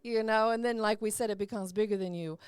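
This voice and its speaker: Woman hosting a podcast, chatty and encouraging, smooth voice, dry close sound. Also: medium pitch, fairly even intonation, fast, darkish tone, dry recording. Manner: chatty, encouraging, uses lots of "you know what I'm saying". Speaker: podcast host. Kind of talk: casual interview chat.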